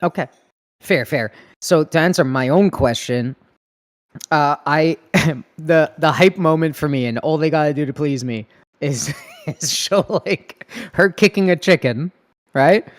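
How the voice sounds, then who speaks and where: A man from Canada hosting a casual gaming podcast, upbeat, laughing often and firing off quick questions. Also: a little high. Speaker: podcast host.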